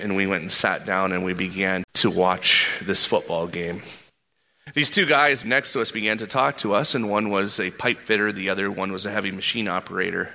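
A male pastor preaching and telling stories, animated, rising in pitch for emphasis and repeating words as he builds a point. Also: gravelly. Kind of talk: sermon with storytelling.

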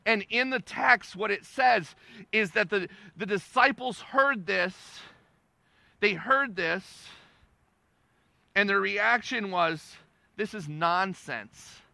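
A man preaching a sermon with a high, gravelly, piercingly bright voice. He talks to the congregation in a loose, emphatic way, repeating phrases and moving between hushed and loud passages. The sound is dry and close. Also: takes it slowly, long pauses, no room sound. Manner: conversational and emphatic, repeating phrases for stress, with wide swings in loudness. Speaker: pastor.

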